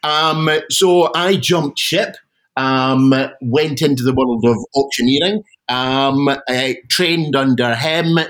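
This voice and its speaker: Telling stories in a relaxed interview, a middle-aged Scottish guest auctioneer keeps restarting with animated self-deprecation. He takes things slowly in a mid-range voice, and the audio is poor.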